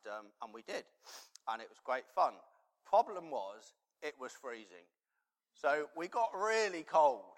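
A man's voice: on the high side, fairly bright tone. A man preaching a sermon and telling a personal story in a conversational, rambling way, with many fillers. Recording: long reverb in a large hall.

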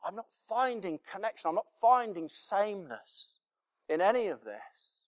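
A man voicing Adam as a lonely first man, musing softly. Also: high-pitched, slow pace. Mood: wondering. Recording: long hall reverb.

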